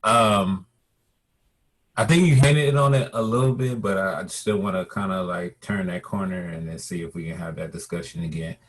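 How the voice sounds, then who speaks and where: A man's voice: sits low, moderate pace. A male podcast host in a casual interview, mostly giving short affirmations, heard from a distance.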